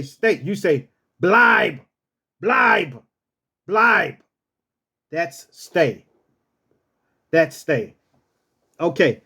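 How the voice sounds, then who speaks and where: A man telling a casual story and teaching dog commands, repeating himself and calling out each command in a rough, drill-sergeant tone. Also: fairly high pitch. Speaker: storyteller host.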